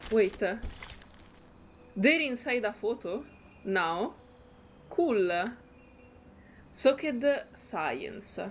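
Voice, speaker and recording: Slow-talking woman playing a game. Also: a little high, sing-song, a little hiss or hum. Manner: slow, chatty, giggly reactions. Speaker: gaming streamer. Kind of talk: reading game text and commenting.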